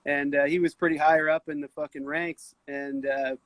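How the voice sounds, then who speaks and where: A man's voice: a little high, normal speed, dry recording, rough recording. Blunt, swearing man telling stories. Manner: profane, blunt, animated storyteller. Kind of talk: casual storytelling.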